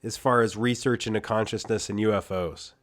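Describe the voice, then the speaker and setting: A man hosting an interview, asking his questions slowly and carefully. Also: on the low side, fairly even intonation. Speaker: host.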